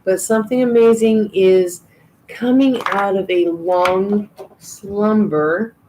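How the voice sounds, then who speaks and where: Slow, chatty woman reading cards. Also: medium pitch, noisy background. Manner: chatty, reassuring, frequent ums and restarts. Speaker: tarot reader. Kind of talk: live tarot and oracle card reading.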